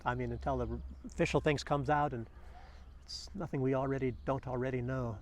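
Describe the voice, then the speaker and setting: A man's voice: medium pitch, little pitch movement, fairly quick, a little hiss or hum. A man giving casual commentary and telling a fable in a rambling way, full of fillers and restarts. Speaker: vlogger. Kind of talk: casual spoken commentary and storytelling.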